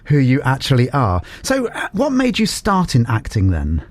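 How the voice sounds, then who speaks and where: A man's voice: mid-range voice, huge pitch swings, moderate pace, no echo. A man hosting a casual interview podcast, chatty and encouraging toward his guest. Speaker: podcast host.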